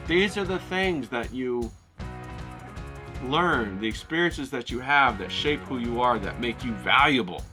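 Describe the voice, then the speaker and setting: A man's voice: mid-range voice, lively intonation, moderate pace, bright, forceful tone, faint music behind. A man hosting a painting vlog, talking in a rambling, enthusiastic way with lots of fillers and casual swearing. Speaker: painting channel host. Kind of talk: casual motivational vlog talk. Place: home in the desert.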